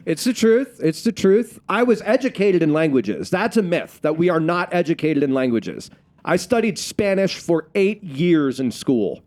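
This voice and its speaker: A man from the United States jokes about himself on stage in a wry, deadpan way. His voice sits a little higher than most men's. He delivers his lines as a comedian sharing the bill. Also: moderate pace. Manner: wry, deadpan self-mocking humor. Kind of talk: casual panel chat on stage.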